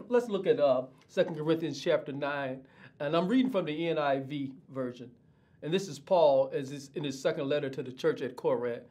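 An older man, a pastor, giving an online sermon with prayer and scripture reading, unhurried and with many fillers. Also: fairly high pitch, a little mellow. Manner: unhurried, many uh fillers, repeats words while thinking.

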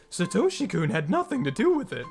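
A woman's voice: mid-range voice, a little mellow, pitched above the performer's own voice. A woman reading aloud the lines of a teenage girl who angrily demands answers from her sister in a visual novel.

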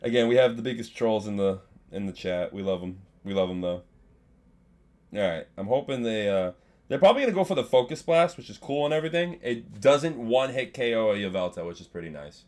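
A young man commentating his own live game stream, chatting with his viewers and swinging between low mumbles and loud outbursts. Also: a little fast. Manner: excitable, swings from mumbling to yelling, banters with chat.

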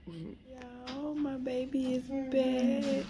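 A woman's voice: sits high, flat delivery, slow, background noise. A mother vlogging from a hospital room, emotional and fighting back tears while soothing her child. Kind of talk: casual family vlog.

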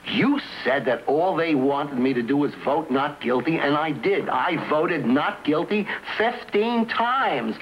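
A man's voice: fairly high pitch, lively intonation, unhurried, few pauses. An actor playing a stubborn cabbie who bluntly demands his money, in a 1960s TV drama on a dull old soundtrack with hiss. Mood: indignant. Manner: blunt, emphatic, threatening.

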